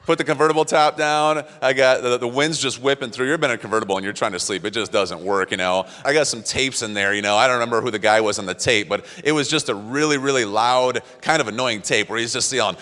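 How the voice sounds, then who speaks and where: A man giving a motivational talk, telling personal stories in an animated way and acting out quotes. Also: mid-range voice, fast, hardly any pauses, long reverb tail. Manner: animated, acts out quotes, laughs at himself. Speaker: motivational speaker. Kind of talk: storytelling talk to an audience.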